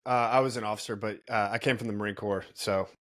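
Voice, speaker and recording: A man hosting a podcast, answering in a relaxed, measured and reflective way. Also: fairly low pitch. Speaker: podcast host. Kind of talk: casual conversation.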